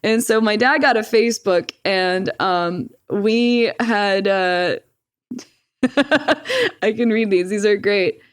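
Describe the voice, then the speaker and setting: A woman's voice: mid-range voice, slow, clean tone, no room sound, clean studio sound. A young woman, a podcast guest, telling a personal story in casual talk, swearing freely and laughing often.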